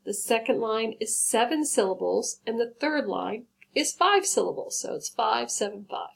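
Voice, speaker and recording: Patient teacher woman, higher voice. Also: expressive, moderate pace, creaky, husky. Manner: patient, instructive, guides step by step. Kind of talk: recorded classroom lesson.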